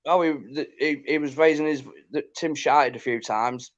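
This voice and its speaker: A man's voice: on the high side, normal speed. Terse man on a dull lo-fi line. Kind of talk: casual chat.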